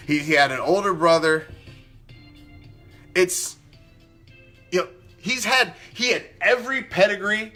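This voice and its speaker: A man with a high, bright, forceful voice swings his pitch wildly as he rants about sports, cursing freely and hammering every point. Faint music plays underneath. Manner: profane, heated, emphatic. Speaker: sports talk commentator. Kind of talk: fired-up sports opinion rant.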